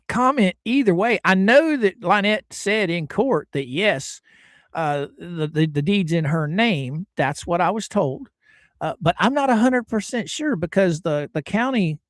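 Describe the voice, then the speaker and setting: A man's voice: a little high, dry recording, clean studio sound. A man hosting a casual live stream, chatting and greeting viewers by name while hedging on legal details. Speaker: livestream host.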